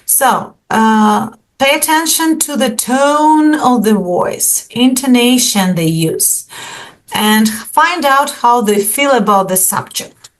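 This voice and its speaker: A woman English teacher leads an online lesson, her voice a touch high and her pace unhurried. She patiently draws answers out of her students over a video call. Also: animated. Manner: patient, encouraging, asks students questions.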